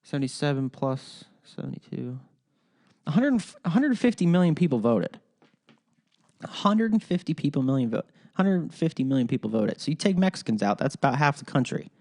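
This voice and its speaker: Casting note: male podcast host, lively pitch, swearing rants, trips over words. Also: moderate pace. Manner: animated, profane, rambling ranting with frequent restarts. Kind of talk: solo podcast rant.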